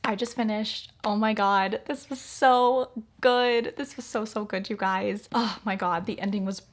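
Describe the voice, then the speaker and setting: A young woman talking casually to camera in a reading vlog, gushing and emphatic, speaking in excited bursts. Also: medium pitch, moderate pace, soft background music. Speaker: reading vlogger.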